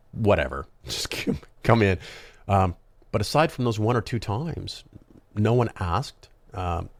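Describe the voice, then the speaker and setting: A man hosting a podcast talks alone in a loose, rambling way, full of ums and small asides. His voice sits very low with a gravelly fry running through it. The recording is close and dry, with no room sound. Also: dry recording. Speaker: podcast host. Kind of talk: casual solo monologue.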